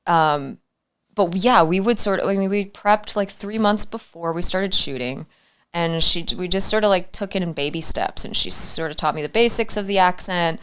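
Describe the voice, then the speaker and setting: A woman's voice: lowish voice, clear, resonant tone. A young woman from Arizona, a guest on a talk show, chatting casually with lots of fillers and restarts. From Arizona, USA. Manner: halting, many fillers and restarts. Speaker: guest actor. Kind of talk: casual interview chat.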